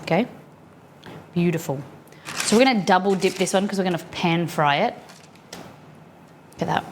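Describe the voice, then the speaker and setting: A woman's voice: fairly low pitch, normal speed, a little hiss or hum. Chatty woman cooking on stream. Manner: chatty, answers chat while rolling food. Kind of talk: casual cooking livestream chat.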